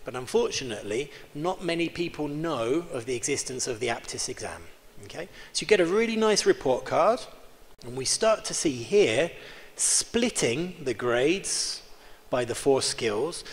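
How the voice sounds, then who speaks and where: A man giving an interactive keynote lecture in a large conference hall, joking and quizzing the audience with quick questions. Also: mid-range voice. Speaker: keynote speaker. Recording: reverberant hall with faint background hum.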